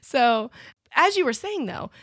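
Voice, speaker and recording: A woman's voice: high-pitched, big pitch swings, measured pace, fairly bright tone, breathy edge, no echo, clean studio sound. A woman co-hosting a casual podcast chat, explaining plot points in a wry, critical way. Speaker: podcast co-host. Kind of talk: casual chat about a musical.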